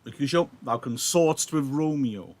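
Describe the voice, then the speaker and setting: A man's voice: mid-range voice, a little slow, a little mellow, no room sound, natural voice. A man reading as provoking young Tybalt. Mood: challenging.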